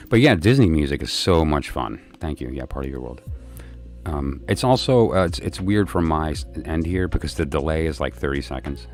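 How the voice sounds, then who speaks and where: A man with an extremely deep, low voice, chatting casually and tiredly on a livestream. He rambles, circles back, and fills his gaps with plenty of ums and uhs. A faint bed of music plays quietly behind him. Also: lively intonation, moderate pace. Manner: rambling and chatty, many fillers and restarts. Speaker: livestream host chatting with viewers.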